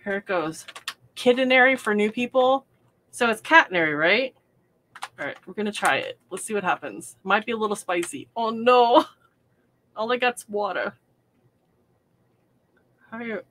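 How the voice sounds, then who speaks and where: A woman's voice: medium pitch, animated, moderate pace, pauses often, sharp tone, a little hiss or hum. A woman hosting a casual livestream from her hobby room, chatty and self-deprecating, laughing often. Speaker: livestream host. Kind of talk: casual livestream chat while crafting.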